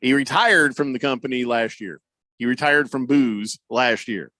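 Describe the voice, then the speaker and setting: A man's voice: medium pitch, expressive, moderate pace, bright, forceful tone. A man hosting a sports radio show, bantering in a joking, mock-serious way. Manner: joking, mock-serious, puts on silly accents. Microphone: studio microphone.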